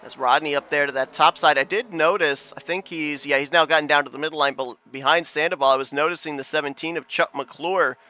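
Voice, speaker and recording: A man commenting on a sim race broadcast in quick, chatty play-by-play with bursts of excitement. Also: a little high.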